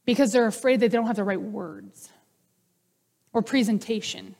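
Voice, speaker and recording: A woman's voice: a little high, normal speed, darkish tone. A woman pastor giving a conversational, humorous sermon. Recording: long hall reverb.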